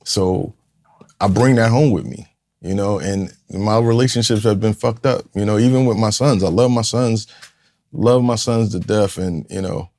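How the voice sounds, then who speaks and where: A fairly low, darkish voice at a normal speed belongs to a podcast guest from Newark, New Jersey, a community leader in his fifties. His personal story comes out raw and profane, with blunt streetwise language, and he acts out the people he quotes vividly.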